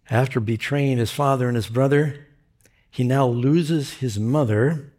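A man in the middle of a sermon, retelling an old scripture story with plenty of animation. His voice sits at an everyday middle pitch. He jumps up in pitch when he speaks the characters' lines. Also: a little mellow. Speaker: preacher.

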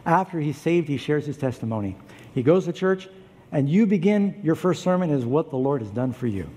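A man preaching to a congregation, his voice sitting a little high but mellow, and he tells stories with lively, acted-out voices. The sound carries a long reverb from the hall, with faint ambience behind it. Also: fairly quick, slight background noise. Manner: animated storytelling, acts out voices, pitch jumps up for emphasis. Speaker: pastor. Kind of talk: sermon.

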